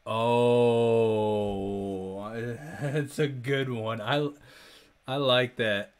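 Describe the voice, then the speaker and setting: A man chats on a livestream from a room at home, reading viewer jokes aloud one after another. He keeps breaking into laughter as he talks, and his voice sits at an ordinary, everyday pitch. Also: fairly even intonation, slow pace. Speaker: livestream host. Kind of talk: casual livestream chat.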